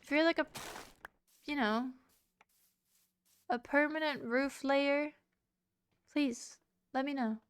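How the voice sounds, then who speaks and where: A woman's voice: high-pitched, slow, long pauses, no echo. A woman streaming a game live, chatting casually with her viewers, teasing and swearing freely. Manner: swearing, teasing and chatty, talking to chat and a pet. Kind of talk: casual live-stream chat while gaming.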